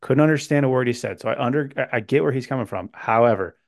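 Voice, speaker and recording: A man's voice: mid-range voice, quick pace, vocal fry, no echo, studio quality. A man hosting a podcast, chatting casually in a joking, rambling way and playfully quizzing his co-host. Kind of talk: casual chat.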